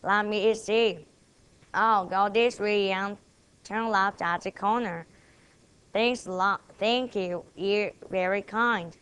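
A woman's voice: medium pitch, steady tone, a bit bright, smooth. A woman with a Korean accent, reciting memorized English dialogues and speaking both parts of each exchange. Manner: plays both sides of each dialogue, deliberate and careful. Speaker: student presenter.

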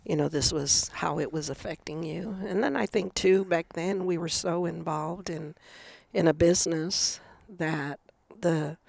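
A woman's voice: sits low, steady tone, a little slow, vocal fry, few pauses, a little mellow, dry recording. A middle-aged woman speaking frankly as a guest in a candid conversation. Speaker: guest, mother of the host.

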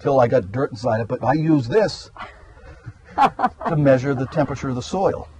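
A man's voice: mid-range voice, animated, moderate pace, darkish tone, a little hiss or hum, low-quality recording. A man, a meteorologist guest explaining things in a rambling, hesitant way. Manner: rambling, hesitant with many uhs. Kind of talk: casual explanatory chat. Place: outdoors in a garden.

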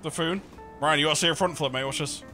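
A young man, excitable while gaming, yelling instructions and laughing with his friends. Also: on the high side, fast talker, music in the background. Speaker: gamer. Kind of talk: casual gaming chat.

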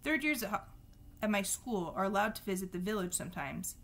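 A woman reading the lines of a cool-headed teenage boy, calm and measured. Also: medium pitch. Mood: calm, pleading.

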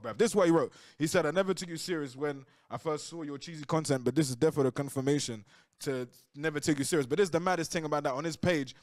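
A man with a London accent telling brash, profane stories in a casual podcast chat. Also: fairly high pitch. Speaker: guest.

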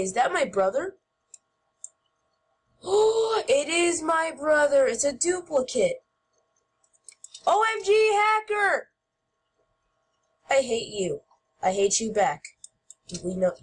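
A woman with a high, husky voice talks her way through a game in unhurried, playful commentary. She is goofy and yells at other players in mock outrage. She is recorded at her computer. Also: very animated. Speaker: gameplay video host.

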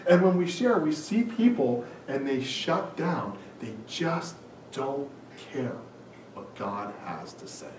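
Animated preaching man in an echoey room. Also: mid-range voice, slow, a little hiss or hum. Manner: animated preaching, acts out quoted lines. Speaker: pastor. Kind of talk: sermon. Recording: echoey room, mic at a distance.

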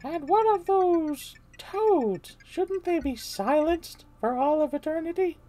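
A woman voicing a cold, grand, possessed princess who speaks slowly and solemnly. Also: extremely high pitch, lively intonation, dark tone, voice pushed up, full character voice. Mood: eerie. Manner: slow, drawn-out, solemn questioning.

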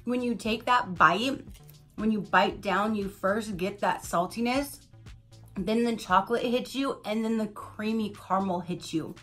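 This unboxing vlogger talks in an unhurried, medium-pitched voice while soft music plays behind her. Her casual product review is gushy and chatty, aimed right at her viewers and full of "like" and "you guys."

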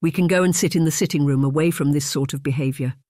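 A man's voice: a little high, fairly even intonation, fast talker, darkish tone, dry recording, lightly acted. A dignified, protective aunt speaks firmly and sharply, in a voice raised well above the reader's own, as a male audiobook narrator puts her on. The sound is dry and close-miked. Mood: stern. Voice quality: firm, harsh-toned. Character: dignified older aunt, woman, firm and protective.

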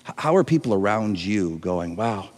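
A man's voice: fairly low pitch, animated, moderate pace, long reverb tail. A man preaching a sermon to an online audience, earnest and emotional, often restarting and repeating words. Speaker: pastor. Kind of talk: livestreamed sermon.

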